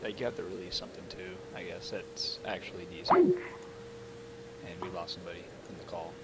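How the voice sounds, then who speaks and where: A man with a slightly low voice hosts a casual online webcast. He chats loosely and jokes with his guests. His voice call carries a clear layer of background noise. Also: fairly quick. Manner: relaxed, joking, leads the discussion. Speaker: webcast host. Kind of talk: casual podcast chat over a call.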